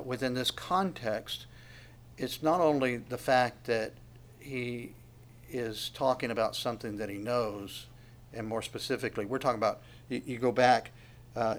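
A man preaching a sermon in a plain, conversational voice of ordinary pitch. He puts questions to the congregation and sometimes sinks to a near whisper. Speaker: pastor.

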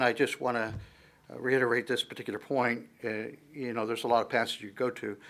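A man giving a conversational sermon as a pastor, switching between explanation and playful dramatized asides, often restarting his sentences. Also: medium pitch. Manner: frequent fillers and restarts, animated swings in loudness.

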